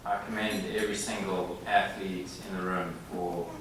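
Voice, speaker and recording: Low-voiced man giving a halting speech in an echoey hall. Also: level tone, far from the mic. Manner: halting, with many pauses and filler sounds. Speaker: hall of fame inductee. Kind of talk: acceptance speech. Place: large indoor banquet room. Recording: echoey banquet hall from afar with room noise.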